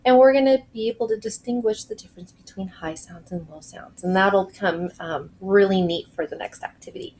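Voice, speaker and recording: Woman music teacher, home video lesson, patient and clear with young kids, medium voice, faint hiss behind. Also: medium pitch, lively intonation, darkish tone, poor audio. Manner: slow, clear, encouraging instructions to young kids. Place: home kitchen.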